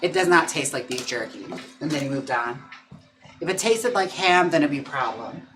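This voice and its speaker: At home on a livestream, a man keeps things casual and playful, laughing a lot and cooing at his dog in a higher, coaxing voice. His intonation is lively and his pace moderate, with background noise present.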